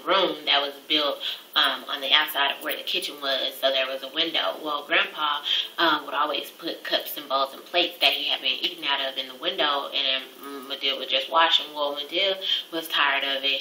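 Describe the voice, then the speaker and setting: A young woman vlogger chats through family stories, laughing and swearing often. Her voice sits low yet rings very bright and sharp. She sounds set back from the mic, in a room with plenty of echo. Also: a little hiss or hum. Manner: chatty, laughing, frequent fillers and cursing. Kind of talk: casual storytelling. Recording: echoey room, far from the mic.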